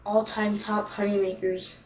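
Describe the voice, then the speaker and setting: A woman's voice: medium pitch, flat delivery, unhurried, a little mellow. A woman giving casual gameplay commentary as a channel host, thinking aloud in a hesitant, rambling way. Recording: echoey room, distant mic, faint noise.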